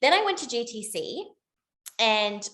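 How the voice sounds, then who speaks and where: A young woman giving a casual motivational talk to her sales team, chatty and rambling, with lots of "like" and quick self-corrections. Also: a little high, very animated, a bit bright. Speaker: network marketing team leader.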